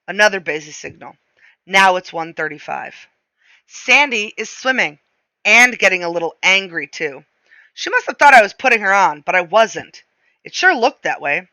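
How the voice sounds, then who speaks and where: A woman reading a novel aloud, shifting her pace and slowing on descriptive phrases. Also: medium pitch, sing-song, pushed and bright, no echo, rough recording. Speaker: reader.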